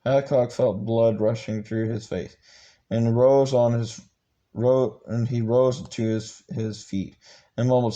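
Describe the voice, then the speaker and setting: Halting man reading a book aloud. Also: mid-range voice, steady tone, dark tone, lo-fi sound. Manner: halting, stumbling reading with many restarts. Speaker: channel host reading a book.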